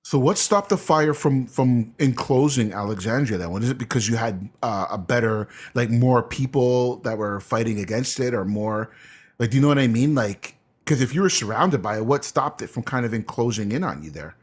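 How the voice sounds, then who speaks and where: Man hosting a podcast, a bit husky, casual questions, quick to react with exclamations. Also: mid-range voice, expressive. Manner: reacts often with short exclamations. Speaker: podcast host. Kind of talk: casual interview.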